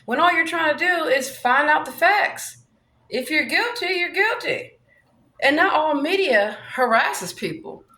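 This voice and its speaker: A woman's voice: sits high, a bit bright, echoey room. A woman vlogging in a rambling monologue, brash and profane, swaggering as she talks.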